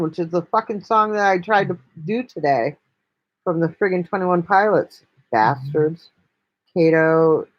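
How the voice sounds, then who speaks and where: A woman's voice: lowish voice, a little slow, highs cut off. A woman hosting a casual live stream, talking bluntly and chattily with lots of swearing. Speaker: livestream host.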